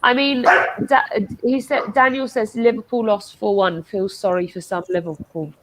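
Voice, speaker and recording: A woman's voice: medium pitch, fairly even intonation, normal speed, very noisy. A woman co-hosting a casual football watchalong, talking earnestly with lots of "like" and hesitations. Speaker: co-host of a watchalong.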